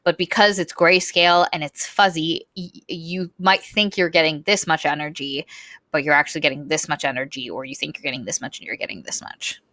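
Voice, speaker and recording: A woman co-hosting a casual book discussion, retelling the story in an animated way with lots of "like" fillers. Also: low-pitched, brisk, no room sound. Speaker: podcast co-host.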